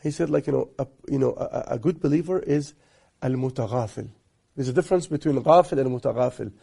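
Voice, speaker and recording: Gravelly-voiced sheikh, soft and husky. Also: male voice, medium pitch, quick pace. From Egypt. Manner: storytelling, soft-spoken with amused asides. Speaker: guest sheikh, marriage teacher. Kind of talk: relaxed conversational advice.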